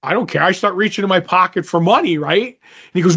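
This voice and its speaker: A man's voice: high-pitched, brisk, husky. A man co-hosting a podcast, telling a casual story and acting out the dialogue of the people in it. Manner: animated, acts out quoted dialogue. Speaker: podcast co-host. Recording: dull lo-fi audio.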